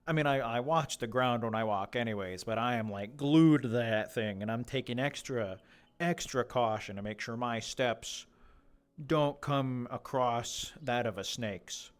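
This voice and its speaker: A man's voice: mid-range voice, unhurried. Rambling young man streaming a game. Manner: rambling, jokey, talks to animals in a mock interviewer voice. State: slightly losing his voice. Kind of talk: casual solo streaming chatter.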